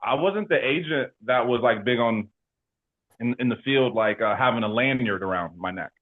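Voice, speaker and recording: A man talking casually as an interview guest about his work, animated and slangy, with lots of fillers. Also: medium pitch, normal speed. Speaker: insurance agency leader and guest. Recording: tinny phone-like line.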